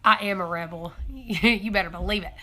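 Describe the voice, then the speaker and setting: A young woman hosts a casual homesteading live stream, talking to her viewers in a bright, forward voice. She rambles and thinks aloud, correcting herself as she goes. She gets excited easily and laughs a lot. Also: mid-range voice, normal speed. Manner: chatty and excitable, laughs often.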